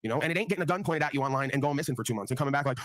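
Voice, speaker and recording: This livestream panel host talks very fast in a mid-range, animated voice with a fairly bright tone. His casual rant is blunt and full of profanity, and he keeps ending points with the tag question "right?".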